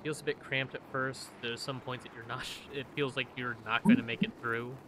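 A man narrating slowly and descriptively as game master of a tabletop game. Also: mid-range voice, flat delivery. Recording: noisy room recording.

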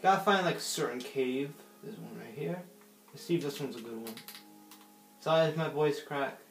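A man's voice: mid-range voice, normal speed, gravelly. A man giving casual gameplay commentary, rambling and giggly, talking to himself while he plays. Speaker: gaming channel host. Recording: roomy echo.

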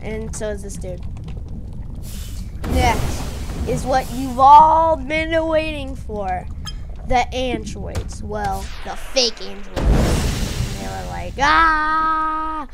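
A woman excitedly recapping a game fight in a rambling play-by-play, often correcting herself. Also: a little high, takes it slowly, vocal fry, music in the background. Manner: excitable, self-correcting, mimics characters with shouts. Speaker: gameplay narrator. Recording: noisy home recording.

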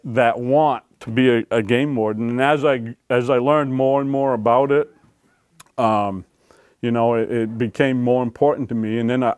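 A man spins stories from his years as a game warden, folksy and animated, often acting out what people said. His voice sits in a middle register. The sound is dry and close, with little room around it. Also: medium pitch, clear, resonant tone, no room sound. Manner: folksy, animated storytelling with laughs and acted-out quotes. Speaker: author and former game warden. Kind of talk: storytelling talk to an audience. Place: library talk room.

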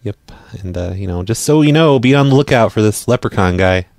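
A man hosting a live radio show and making prank phone calls, speaking deadpan and often stumbling over his words. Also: fairly low pitch, brisk, no echo. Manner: deadpan, stammers and repeats words. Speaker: prank-call radio host.

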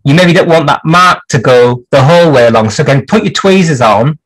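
This man's voice sits on the high side, fairly quick and a bit bright with lively intonation, though the recording is low quality. He's teaching clock repair on a livestream, rambling and musing aloud at his bench in a live workshop demo.

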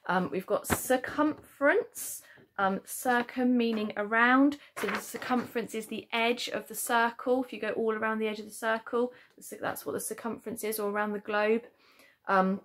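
A woman teaching a spelling lesson to children with a British accent, patiently explaining and checking in with "okay?", slowing down to stress syllables. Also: mid-range voice, a bit bright, a little hiss or hum. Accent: British English. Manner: stresses syllables slowly to demonstrate. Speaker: primary school teacher.

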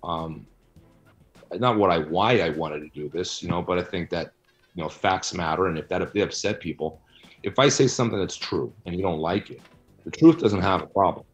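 Very low male voice, blunt, argumentative, interview guest, faint music underneath. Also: moderate pace, highs cut off. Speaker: guest, researcher and author. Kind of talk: conversational interview answers.

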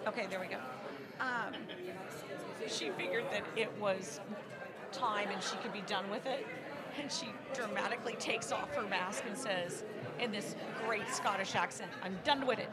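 A woman guest in a casual chat, bubbly, excitable and giggly. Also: mid-range voice, moderate pace. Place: busy convention venue. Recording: loud crowd noise behind.

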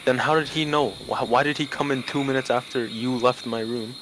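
A man's voice: mid-range voice, steady tone, brisk, background noise. A young man and student in a heated argument, insistent and aggrieved, pressing his point again and again. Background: music playing.

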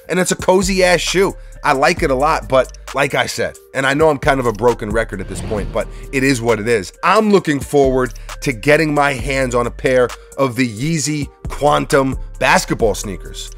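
A man hosting a casual sneaker review vlog from his workshop, talking in a laid-back, joking, rambling way. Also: mid-range voice. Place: workshop studio.

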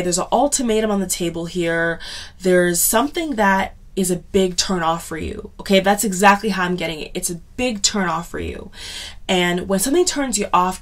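A woman giving a casual tarot reading to camera, chatty and subdued, often checking in with "okay?" and "you know". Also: on the low side. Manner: chatty, repeats "okay?" and "you know" often, drags some words slowly; subdued, sighing tone. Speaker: tarot reader.

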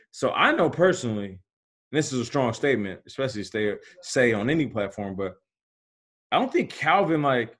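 Animated storytelling man, slangy. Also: mid-range voice, fairly quick. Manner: lively, slangy, acts out quotes, laughs while telling stories. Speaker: podcast guest, former pro football player. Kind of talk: animated storytelling in casual conversation.

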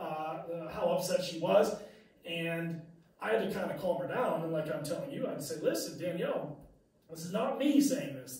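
A man's voice: on the high side, a little mellow, recorded from a distance. A male teacher giving a casual classroom lecture, conversational with fillers and restarts. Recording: very echoey room, mic from afar.

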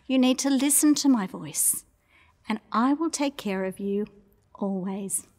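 Woman doing a kind shepherd guy, gentle coaxing, slow, echoey hall. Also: medium pitch, lightly acted. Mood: tender. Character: kind caring male shepherd, gentle and firm.

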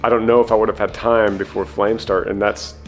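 A man's voice: fairly low pitch, flat delivery, fairly quick, faint music behind, rough recording. A man hosting a family vlog, chatting casually and a little out of breath, often restarting his sentences. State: slightly out of breath. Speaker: vlog host and preacher.

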